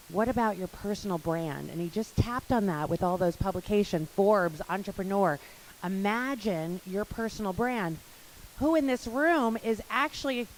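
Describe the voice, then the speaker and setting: A woman emceeing a business conference, introducing the next speaker with lively enthusiasm. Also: mid-range voice, a little hiss or hum, rough recording. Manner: enthusiastic, hypes up the audience. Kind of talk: live event hosting.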